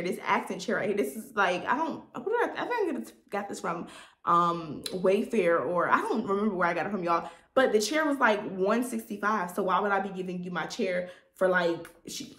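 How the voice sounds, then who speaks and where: A young woman telling a lively story to her viewers in a casual chat, calling them y'all. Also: medium pitch. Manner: animated, chatty, addresses viewers as y'all. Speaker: vlogger telling a story time. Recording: echoey room.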